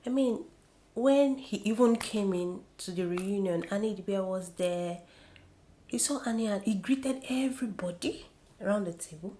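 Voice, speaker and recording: A young woman vlogging about a reality show in an opinionated, gossipy chat. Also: medium pitch. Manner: chatty, opinionated, animated gossiping. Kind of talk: casual chat.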